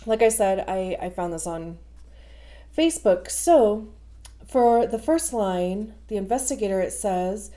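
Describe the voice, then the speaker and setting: A stuffy-nosed woman hosts a casual tarot reading, speaking at an unhurried, drawn-out pace. She is chatty and often breaks off her sentences with fillers and restarts. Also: medium pitch, expressive, warm tone. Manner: chatty, with frequent fillers and self-interruptions. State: stuffy nose. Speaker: tarot reader.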